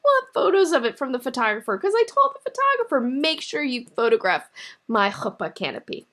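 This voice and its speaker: A woman's voice: high-pitched, fairly quick. Emotional woman knitter telling a story. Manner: animated, emotional, laughs often. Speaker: knitting vlogger. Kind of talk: casual storytelling to camera.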